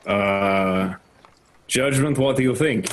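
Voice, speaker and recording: A man's voice: on the low side, slow. A man playing a tabletop game, chatting playfully with the group. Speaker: player. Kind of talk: casual tabletop game chat.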